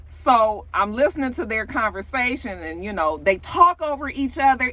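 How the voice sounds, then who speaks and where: A woman's voice: fairly high pitch, expressive, normal speed, few pauses, sharp tone, dry recording. Sassy, blunt woman recapping gossip. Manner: sassy, blunt, gossipy, with frequent asides and profanity. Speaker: reality TV recap vlogger. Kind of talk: casual recap commentary.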